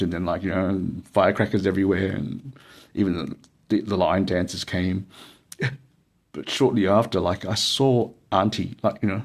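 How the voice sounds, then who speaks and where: A low, husky Australian man spins a loose, meandering story. He leans on "um" and "like," circles back on himself, and laughs his way through it. It sounds like an easygoing personal tale told straight to camera. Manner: rambling, many fillers and laughs. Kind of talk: casual anecdote telling.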